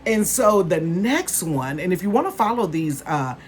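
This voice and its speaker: A woman in her fifties chatting casually to her viewers as a vlogger, calling them "honey" and "you guys" and bursting into excitement. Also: lowish voice, normal speed, slight background noise. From northern United States. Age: 50s.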